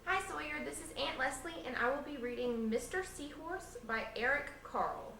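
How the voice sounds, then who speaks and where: An adult woman, an aunt, calmly reading a picture book aloud to a child. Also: sits high, normal speed. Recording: echoey room, distant camcorder mic, faint noise.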